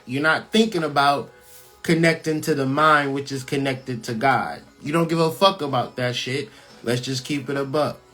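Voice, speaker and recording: A man's voice: a little high, a bit bright. A man hosting his own channel, giving blunt, profane spiritual commentary on a scripture reading, hammering points home with repetition. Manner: blunt, profane, preaching-style emphasis; repeats phrases for emphasis, slows on key words. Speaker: channel host.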